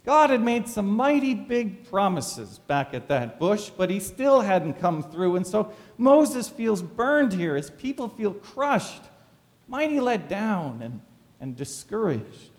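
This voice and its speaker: A pastor preaching a sermon, full of dramatic rhetorical questions. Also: male voice, high voice, sing-song, slow pace, big-room sound.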